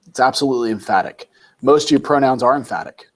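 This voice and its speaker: A man's voice: medium pitch, expressive, quick pace. A man tutoring a student one-on-one, explaining points patiently and with emphasis. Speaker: Greek tutor.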